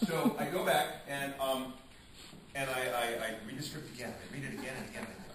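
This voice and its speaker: Brief: male theater actor, lively storyteller, acts out quotes; roomy, noisy recording. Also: mid-range voice, fairly quick. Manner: animated, acts out quotes, frequent restarts. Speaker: stage actor being interviewed. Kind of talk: casual interview storytelling. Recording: echoey room, distant mic, noisy.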